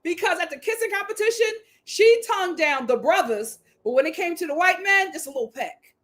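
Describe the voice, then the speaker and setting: A woman's voice: very high voice, animated, a little fast. A woman recapping a reality dating show, laughing often and repeating lines for emphasis.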